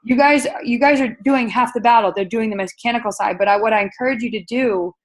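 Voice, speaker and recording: A woman's voice: fairly high pitch, fast. A woman leading a webinar sales training, speaking in an upbeat, coaching way with many fillers and repeated words.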